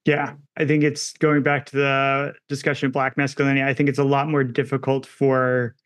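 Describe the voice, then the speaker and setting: A man co-hosting a film podcast, calmly breaking down camera work and themes of a movie. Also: mid-range voice, brisk. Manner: analytical, talks through film technique. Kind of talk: casual film discussion.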